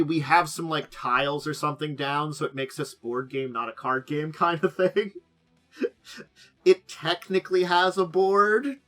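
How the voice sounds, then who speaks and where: A man's voice: fairly high pitch, sharp tone. A man hosting a casual talk show about tabletop games, rambling with many fillers and trailing asides.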